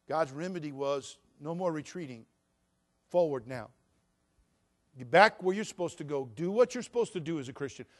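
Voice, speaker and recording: A man preaching a sermon as pastor, swinging from loud shouts to quiet, intimate talk. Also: a little high, lively intonation, normal speed.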